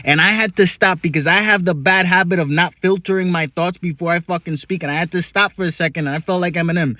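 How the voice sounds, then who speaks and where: A young man and comedian telling a story in an excitable, profane way, full of quick asides. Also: high voice, no echo, studio quality. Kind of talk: comic storytelling.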